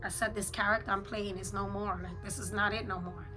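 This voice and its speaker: A woman's voice: medium pitch, little pitch movement, fairly quick, rough recording. Blunt, swearing woman venting with music behind. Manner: blunt, heavy swearing, slangy. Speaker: vlogger. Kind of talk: raw confessional voice journal.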